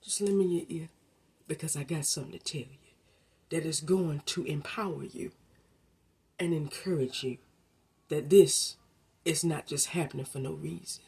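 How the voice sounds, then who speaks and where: A woman giving a faith-based motivational talk, preacherly and colloquial, addressing the listener directly and swinging from hushed to emphatic. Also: deep voice, normal speed, vocal fry, pauses often, breathy edge. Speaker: motivational speaker.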